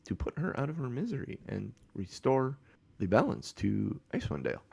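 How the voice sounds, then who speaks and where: A man voicing a very proper, formal male professor in a tabletop game, with a gravelly, husky voice. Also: medium pitch, wildly swooping pitch, fairly quick, warm tone, heavily acted. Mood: earnest. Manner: fussy, formal.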